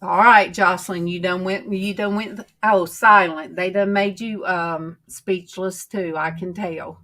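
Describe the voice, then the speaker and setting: A middle-aged woman, rambling in homey, drawn-out stories as she chats casually with her livestream viewers. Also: on the low side, fairly even intonation, sharp tone. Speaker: livestream host.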